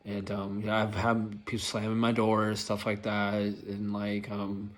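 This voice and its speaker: A young adult man with a slightly low-pitched voice tells stories casually in a vlog. He rambles, restarts his sentences and leans constantly on "like" and "um". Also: completely flat delivery, unhurried. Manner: rambling, filler-heavy, lots of "like". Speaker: rideshare driver telling stories.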